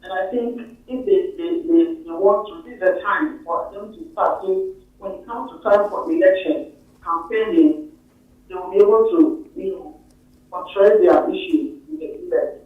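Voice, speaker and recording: A man's voice: sits high, moderate pace, very echoey. A man calling in to a talk show, asking a question hesitantly with many fillers. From Ghana. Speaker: phone-in caller. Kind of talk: call-in question. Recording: muffled phone line from far off.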